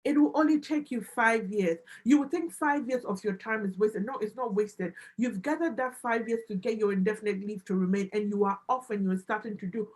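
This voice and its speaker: A woman in her thirties, a business analyst and immigration adviser, talking excitedly as a guest on a livestream and often repeating herself for emphasis. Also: medium pitch, fairly quick, few pauses, low-quality recording.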